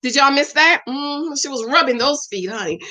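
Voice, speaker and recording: Animated high-voiced woman chatting to viewers. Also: normal speed. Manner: animated, talks back to viewers by name. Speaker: commentary vlogger reading viewer comments. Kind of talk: casual chat.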